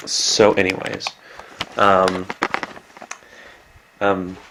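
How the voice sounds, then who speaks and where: Young american dude rambling into his camera, low flat gravelly voice, faint background hiss. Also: very slow. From United States. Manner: rambling, lots of likes and ums, swears casually. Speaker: exchange student. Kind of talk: casual video diary. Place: indoors in a host family's house.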